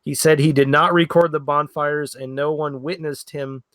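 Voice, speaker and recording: A male podcast host with a fairly high voice reads a news story to his co-hosts. He stumbles over names now and then, and the sound is dry and close to the mic. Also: fairly even intonation, normal speed, fairly bright tone, no room sound. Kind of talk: casual comedy podcast chat.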